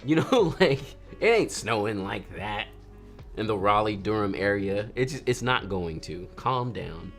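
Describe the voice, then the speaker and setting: A man's voice: fairly low pitch, unhurried. A man, casually chatting with viewers on his photography livestream and joking as he reads their messages. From North Carolina, USA. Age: 30s. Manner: lively, jokey, reads chat aloud, acts out quotes. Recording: faint music behind.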